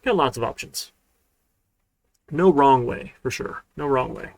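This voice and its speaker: A university programming instructor teaches a live-streamed coding lecture in a relaxed, chatty style, frequently checking in with "right?". His medium-pitched voice is animated, a little slow and creaky, with no echo.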